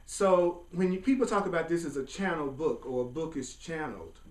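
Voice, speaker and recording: A man's voice: a little high, animated, a little fast, a little mellow. A man teaching a spiritual class in a casual, playful way, chuckling often and wandering into asides. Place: classroom with a group. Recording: echoey room, distant mic, faint hum.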